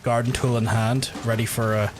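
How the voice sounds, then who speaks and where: A man's voice: medium pitch, little pitch movement, moderate pace, noisy background. A man streaming a video game, chatting casually with his viewers, rambling and swearing freely as he answers their messages. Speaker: gaming livestreamer. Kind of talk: casual livestream chat while playing.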